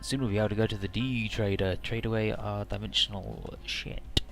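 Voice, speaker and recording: A man's voice: on the low side, steady tone, moderate pace, vocal fry, a bit bright, faint music behind. A man hosting a let's play, giving casual, rambling game commentary with jokes and offhand swearing.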